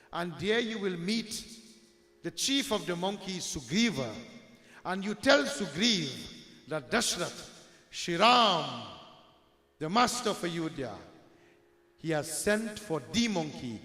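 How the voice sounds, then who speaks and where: A man's voice: high-pitched, bright, forceful tone, heavily acted. A man voicing a wise old male guru who solemnly instructs a king, within a devotional sermon. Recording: echoey hall with long reverb.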